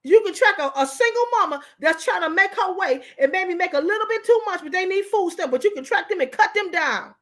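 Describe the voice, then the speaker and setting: Fiery high-voiced woman ranting. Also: expressive, brisk, hardly any pauses. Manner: fiery and emotional, bursts into shouting. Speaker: livestream host. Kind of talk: impassioned live commentary.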